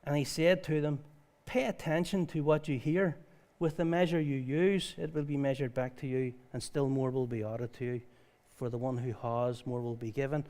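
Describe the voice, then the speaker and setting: A pastor with a slightly higher-than-average voice delivers a conversational sermon at a church service. He moves between reading scripture aloud and telling stories in a lively, informal way.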